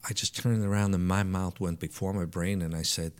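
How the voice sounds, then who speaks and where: A man's voice: low-pitched, steady tone, brisk, clean tone. A man, telling anecdotes as a guest in a casual interview. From Bronx, New York. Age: 50s. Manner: reflective, anecdotal, frequent restarts and fillers. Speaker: podcast guest, hair stylist.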